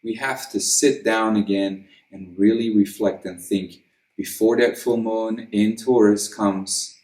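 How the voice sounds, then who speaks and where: A man's voice: fairly low pitch, fairly even intonation, unhurried, darkish tone. A man giving a casual astrology forecast, rambling loosely and swearing freely. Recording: echoey room, mic at a distance.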